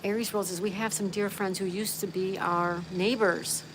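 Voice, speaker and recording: A woman's voice: medium pitch, steady tone, normal speed, background noise. A woman hosting a casual livestream outdoors, reading viewers' comments aloud and chatting back to them in a friendly way. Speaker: livestream host. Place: outdoors, with a view.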